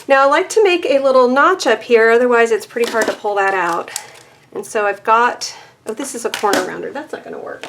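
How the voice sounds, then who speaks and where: A woman's voice: on the high side, fairly quick, slight background noise. A chatty, self-deprecating woman giving a casual papercraft tutorial, laughing often and a little out of breath. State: a bit out of breath. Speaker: papercraft demonstrator.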